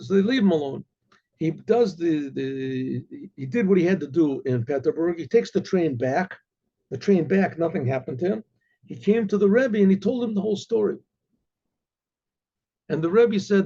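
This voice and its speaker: A man, a rabbi, telling a story in a halting, repetitive way full of asides. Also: fairly high pitch, lively intonation, warm tone, breathy edge, lo-fi sound. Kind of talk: oral storytelling.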